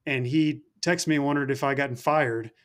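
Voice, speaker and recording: A man from Alabama, chatting on a podcast and telling stories in halting, restarting bursts. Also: medium pitch, steady tone. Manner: halting, stammering storyteller. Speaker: podcast co-host. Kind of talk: casual podcast chat.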